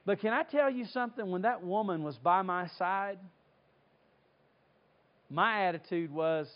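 A man from North Carolina, preaching a sermon and telling stories with lively acted-out voices. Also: sits high, a little slow, pauses often, highs cut off. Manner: animated storytelling, acts out voices. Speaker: pastor.

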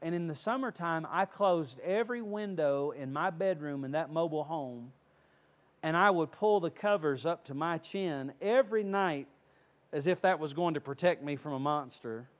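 A man from North Carolina, preaching a sermon and telling stories with lively acted-out voices. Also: on the high side, normal speed, dull audio. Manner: animated storytelling, acts out voices. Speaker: pastor.

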